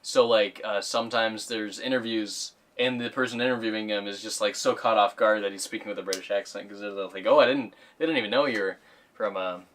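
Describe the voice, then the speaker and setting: A man's voice: fairly low pitch, steady tone, brisk, fairly bright tone, distant mic. A young man co-hosting a podcast, chatting casually and rambling with plenty of likes and ums. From Canada. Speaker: podcast co-host. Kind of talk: casual chat.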